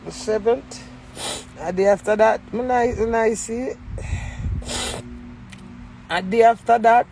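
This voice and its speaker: A woman's voice: deep voice, vocal fry, darkish tone, slight background noise. A middle-aged woman with a Jamaican accent, talking to camera in a rambling, emotional monologue full of swearing and defiance. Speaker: vlogger.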